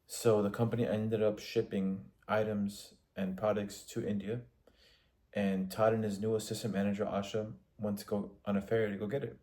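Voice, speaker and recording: A man giving a spoken film analysis for a class assignment, measured and in short phrases with restarts. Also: fairly low pitch, flat delivery, dark tone. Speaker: student.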